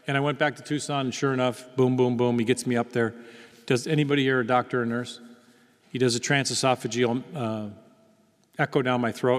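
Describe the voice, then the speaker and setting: Middle-aged male speaker, lively storyteller acting out dialogue, mid pitch, big reverberant hall. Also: moderate pace, pauses often. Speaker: speaker giving a faith testimony. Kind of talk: testimony talk to an audience.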